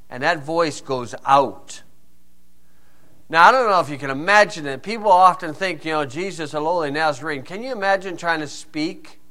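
A man's voice: fairly high pitch, pushed and bright. A man teaching through Bible verses in a conversational way, asking rhetorical questions and telling personal stories.

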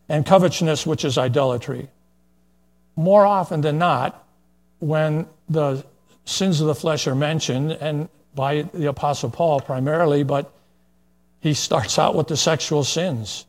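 An older man preaching a plain-spoken, folksy verse-by-verse sermon, with asides and fillers as he reads scripture. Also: fairly high pitch.

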